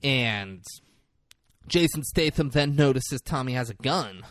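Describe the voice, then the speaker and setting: Man, podcast co-host, casual film recap, animated storytelling, dry close sound. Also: mid-range voice, unhurried, dry recording. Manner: animated retelling with lively acted-out quotes. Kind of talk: casual chat.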